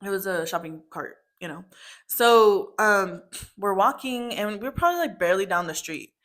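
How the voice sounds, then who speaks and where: A woman's voice: medium pitch, expressive, normal speed, a bit bright. A young woman telling her mother a family story in casual chat, full of "like" and "um" fillers.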